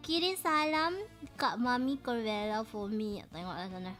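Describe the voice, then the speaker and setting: A woman's voice: on the high side, moderate pace, fairly bright tone, faint music behind. A Malaysian woman livestreaming, chatting playfully and laughing often, mixing in English. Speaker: streamer. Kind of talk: casual livestream chat.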